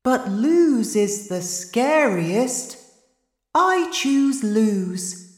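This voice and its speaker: A woman voicing a quiet, shy little boy in a storybook reading. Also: a little high, sing-song, drawn-out words, reverberant, pitched above the performer's own voice, full character voice. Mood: gentle.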